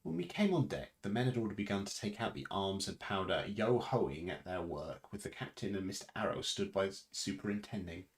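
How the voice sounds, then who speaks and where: Male reader, very low voice, reads a novel aloud on stream, stumbles and restarts now and then. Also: expressive, a little fast, few pauses. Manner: unpolished reading with restarts and self-corrections; varies pitch and loudness for dialogue.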